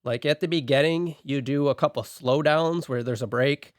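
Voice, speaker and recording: A man's voice: a little high, moderate pace, no room sound, studio quality. A man co-hosting a podcast, walking through his production notes on a song point by point in a casual, methodical way.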